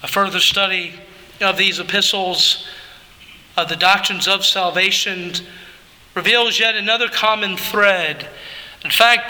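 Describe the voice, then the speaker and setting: A male pastor preaching a Sunday morning sermon in a church, emphatic, rising to shouts on key phrases and dropping low for the conclusions. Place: church sanctuary. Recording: long hall reverb.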